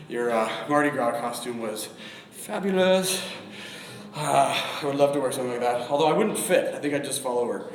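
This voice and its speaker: A man's voice: medium pitch, moderate pace. A man in his forties chatting casually through a live-streamed workout, swearing now and then and breathing heavily between sets. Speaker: fitness vlogger. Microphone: phone camera. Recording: echoey room with long reverb.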